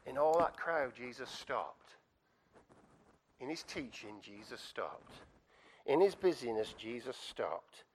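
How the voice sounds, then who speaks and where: Animated man preaching a sermon. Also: mid-range voice, takes it slowly, pauses often, a little hiss or hum. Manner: animated storytelling, acting out scenes, asides to the congregation.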